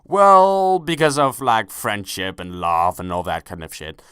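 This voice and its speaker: A man's voice: on the low side, very animated, a little slow, sharp tone, smooth, no room sound. A young man giving casual gameplay commentary, rambling and self-correcting, swearing casually and joking as he goes. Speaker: gaming commentator. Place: at home, kneeling without a chair.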